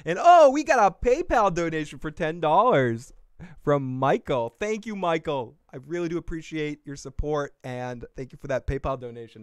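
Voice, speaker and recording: A man's voice: on the high side, lively intonation, normal speed, clear, resonant tone, no echo. Jokey, profane man hosting a live podcast. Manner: jokey, profane, laughs often, reads chat aloud. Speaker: podcast host. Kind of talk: casual live recap commentary.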